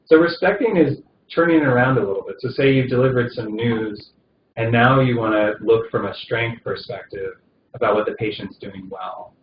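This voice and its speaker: This recorded palliative care session is led by a man whose voice sits in the mid range and moves at a moderate speed. His conversational teaching is full of fillers and false starts, captured in a dull, roomy space with a little background noise.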